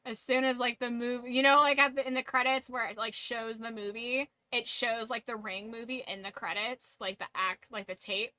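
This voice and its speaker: High, bright giggly woman streamer. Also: steady tone, normal speed, few pauses, no room sound. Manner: giggly, swears freely, full of "like". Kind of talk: casual storytelling to a live stream.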